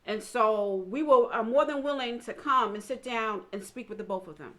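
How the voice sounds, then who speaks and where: A woman speaking in a steady, earnest way in a conversation, often using the filler "you know". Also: a little high, moderate pace. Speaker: guest, friend and counselor of the couple. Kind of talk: conversational interview.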